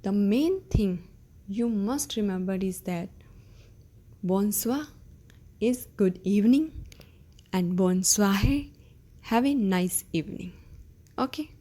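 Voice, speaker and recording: A woman teaching a beginner language lesson, patient, repeating words slowly and checking in with "okay?". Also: mid-range voice, lively intonation, dark tone. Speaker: French teacher.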